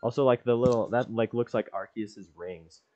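A man's voice: mid-range voice, moderate pace, warm tone, dull audio. A young man giving goofy, rambling let's-play commentary, joking about the game. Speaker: gamer.

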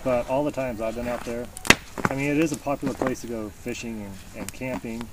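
A man asking quick follow-up questions as the interviewer, heard faintly away from the microphone. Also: mid-range voice, steady tone, recorded from a distance. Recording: faint voice from off-mic with noise.

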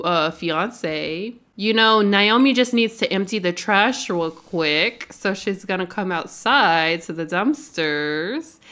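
A woman hosting a casual let's-play video, chatty and quick to laugh while she plays. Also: medium pitch, a bit bright. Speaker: gaming video host.

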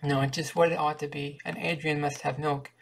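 A vain, gallant singing teacher, pompous with his pupils, as a man reads him aloud in a storybook reading. The voice stays flat and level and carries a gravelly edge. It rarely rises above a plain reading tone. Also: a little high, a little fast. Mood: curt.

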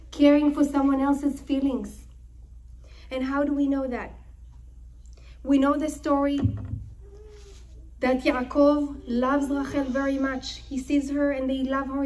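A woman giving a religious lecture, telling the story in an animated way and acting out the quotes. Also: sits high, distant mic, poor audio. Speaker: Torah teacher.

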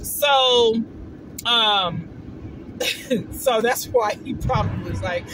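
A woman telling a story in a casual vlog, chatty and expressive, often saying "baby" and putting on voices when she quotes people. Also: a little high, drawn-out words, noisy background. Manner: quotes others in shifted voices. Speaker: vlogger.

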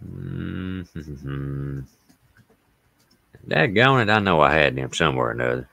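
A man's voice: rumbling low, expressive, slow pace, vocal fry. A man with an Appalachian accent hosting a casual livestream, reading out viewer comments and stories in a folksy way. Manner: folksy, reads viewer comments and greets them warmly by name. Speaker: livestream host.

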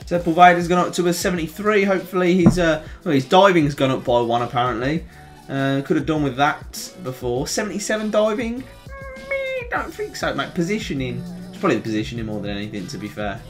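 A young man with a Birmingham accent giving excitable, chatty play-by-play commentary on a football video game, groaning and shouting at near misses. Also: a little high, fast, music in the background. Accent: Birmingham English. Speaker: gaming YouTuber.

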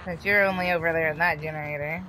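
A woman's voice: low-pitched, fairly even intonation, quick pace, bright, forceful tone. A woman streamer giving casual gameplay commentary, swearing and taunting the other players. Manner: profane trash-talking, taunting opponents. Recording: noisy background.

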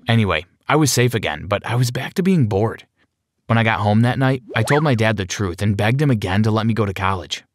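A man giving an expressive first-person narration of an animated story. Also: on the low side, no echo, studio quality.

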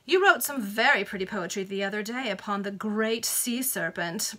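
A woman's voice: mid-range voice, lively intonation, normal speed, a bit bright. A woman reading aloud, voicing a silly, effeminate nineteen-year-old baronet with an affected lilt.

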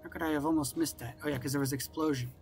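A man's voice: fairly high pitch, steady tone, rapid-fire, darkish tone, soft background music. A man giving wry, casual commentary while playing a video game, often talking to himself and to the game's characters. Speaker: gameplay commentator. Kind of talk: casual let's-play commentary.

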